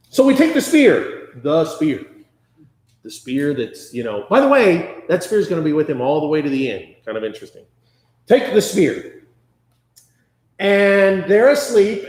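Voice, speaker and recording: A man leading a conversational Bible study, chatty and animated, often acting out quotes. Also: a little high. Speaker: Bible class teacher. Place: church classroom. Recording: echoey room.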